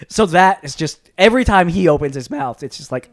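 Man, podcast co-host, excitable, swears a lot, fairly high voice, dry close sound. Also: brisk, dry recording. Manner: excited, swears often, many restarts and fillers. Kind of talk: casual chat.

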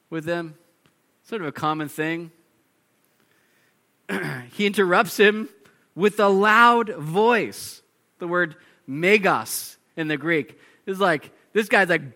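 A man preaching a sermon, animated, acting out shouting characters and laughing often. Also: sits high, a little slow. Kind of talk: expository sermon.

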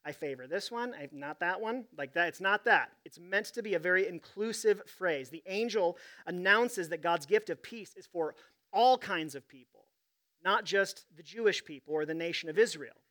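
Bright-voiced male pastor preaching. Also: sits high, normal speed. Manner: conversational, storytelling with humor. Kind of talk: sermon.

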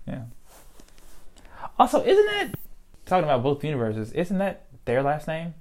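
A woman's voice: low-pitched, huge pitch swings, normal speed, darkish tone, a little hiss or hum. A woman co-hosting a podcast in casual chat, teasing and laughing often. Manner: teasing, laughs often, quotes lines in mock voices. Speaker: podcast co-host.

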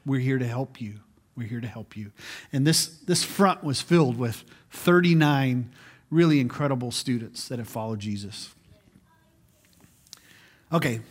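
A man's voice: medium pitch, a bit bright. A man in his forties preaching a sermon in a conversational way as pastor, often repeating words as he restarts.

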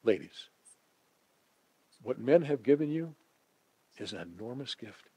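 A man preaching a sermon, swinging from emphatic declarations to hushed, intimate asides. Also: mid-range voice, sing-song, a little slow, husky.

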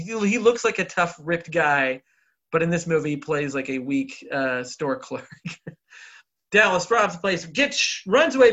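A man's voice: fairly high pitch, sharp tone, dull audio. A man co-hosting a podcast, recapping a film in a rambling casual way with frequent laughs and filler words. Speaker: podcast co-host.

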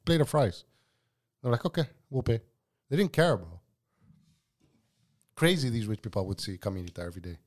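A man's voice: fairly low pitch, big pitch swings, moderate pace, pauses often, a little mellow. A man, a former cook telling kitchen stories in a casual, profane chat. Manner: profane, storytelling, says bro a lot. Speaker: podcast guest, former cook.

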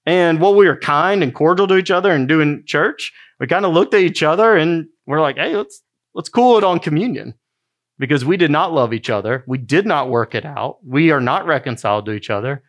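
A middle-aged man, a pastor, preaching a sermon in a relaxed, storytelling way. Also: a little high, a little fast, few pauses. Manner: conversational storytelling preaching, with quoted asides.

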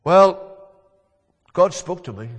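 A forceful, insistent Moses, voiced by a preacher from the pulpit. He speaks in a fairly high register for a man. A long echo trails off each phrase in a big hall. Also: animated, slow pace. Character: Moses, aged leader giving a warning.

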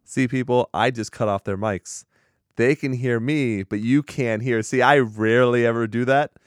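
A man's voice: mid-range voice, fairly even intonation, moderate pace, no room sound, clean studio sound. A man hosting a casual podcast, joking around and laughing often with his co-hosts. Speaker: podcast host. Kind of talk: casual chat.

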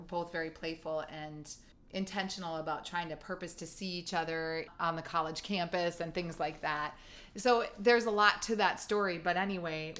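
A woman's voice: low-pitched, fairly bright tone. A woman co-hosting a podcast in casual chat, telling a personal story in an earnest, chatty way with playful asides. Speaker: podcast co-host.

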